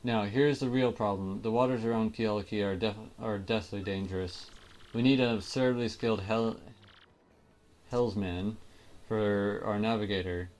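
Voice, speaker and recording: A man's voice: fairly low pitch, fairly even intonation, normal speed, darkish tone, lightly acted. A man reading as a pompous vain ship-owner. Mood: commanding. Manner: grandiose, theatrical declaiming.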